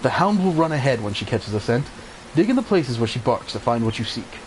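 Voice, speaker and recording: A man reading a solemn elderly male mentor who gives formal, measured instructions to a young hero. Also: mid-range voice, big pitch swings, slight background noise, close to an everyday voice, rough recording.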